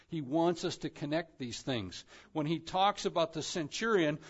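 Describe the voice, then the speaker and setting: A man preaching an expository sermon as pastor, swinging from hushed, slow phrases to soaring emphasis. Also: on the high side, muffled recording.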